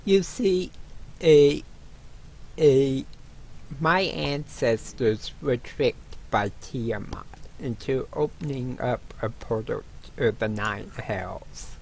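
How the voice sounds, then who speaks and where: A man's voice: mid-range voice, slow, vocal fry, a little hiss or hum, poor audio. A man doing a rueful warrior ghost. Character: ghost of a fallen noble warrior, male, rueful.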